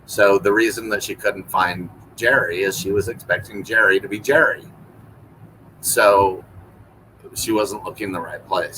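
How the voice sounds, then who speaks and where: A man's voice: fairly low pitch, pushed and bright, slight background noise, low-quality recording. A man, a guest on a live stream, chatting conversationally with frequent restarts. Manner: conversational, lots of fillers and restarts. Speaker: guest, chapter host. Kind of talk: casual live-stream chat.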